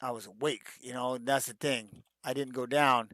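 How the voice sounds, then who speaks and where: Middle-aged male retired fighter, mid pitch, dry close sound, rambling casual Q&A delivery. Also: fairly even intonation, moderate pace, bright, forceful tone, dry recording. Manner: rambling, with many restarts and "man, you know" fillers. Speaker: retired fighter answering fan questions. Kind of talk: casual live-stream Q&A.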